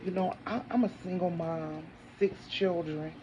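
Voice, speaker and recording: In her thirties and a single mother, a woman speaks from inside her home to her viewers in a casual testimony vlog, blending everyday chat with preachy declarations of faith and calling them "honey." Her voice is lowish, steady, and unhurried, though the audio is dull with crowd noise behind it.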